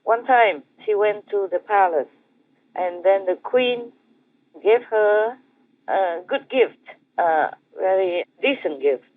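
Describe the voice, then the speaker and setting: A man with an Indonesian accent, a spiritual master telling a teaching story in a gentle, repetitive way with soft chuckles. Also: sits high, expressive, slow, no echo. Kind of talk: storytelling dharma talk. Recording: tinny phone-like dry sound.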